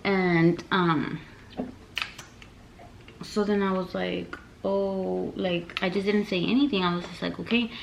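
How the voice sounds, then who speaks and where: A woman's voice: lowish voice, steady tone, slow pace, vocal fry, long pauses, a little hiss or hum, poor audio. A young woman vlogger telling a storytime in a rambling, casual way, full of fillers and switching between English and Spanish.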